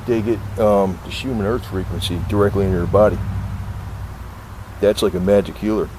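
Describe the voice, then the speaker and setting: Pitched fairly low and slightly mellow, this man speaks at normal speed with long pauses. He's filming his cats at home by his old car, coaxing them while rambling and casually swearing, with slight background noise.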